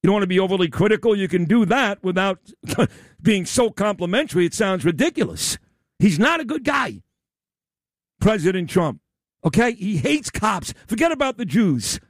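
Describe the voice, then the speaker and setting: A male radio host with a high, lively voice that swings up and down as he rants. He is loud, combative and blunt, throwing in profanity. The studio sound is dry and close. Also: no room sound. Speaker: radio talk show host. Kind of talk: opinion radio rant.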